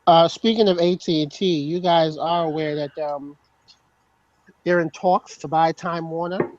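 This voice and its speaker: Male co-host, slightly high voice, dull lo-fi audio. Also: steady tone, measured pace, no echo. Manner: hesitant, self-correcting. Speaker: podcast co-host. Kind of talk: casual chat. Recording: dull lo-fi sound.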